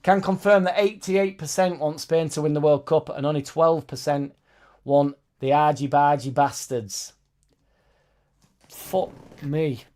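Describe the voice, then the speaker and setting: A man's voice: a little high, fairly even intonation, a little slow, a little mellow. A young man hosting a football fan live stream, chatting loosely and reading out viewers' comments with sweary, joking banter.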